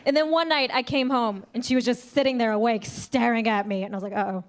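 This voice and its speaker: A woman's voice: a little high, fast talker, smooth. A young adult woman doing a brash, punchy stand-up comedy set on a club stage, talking into a handheld mic. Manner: brash, punchy delivery with acted voices. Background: audience laughter.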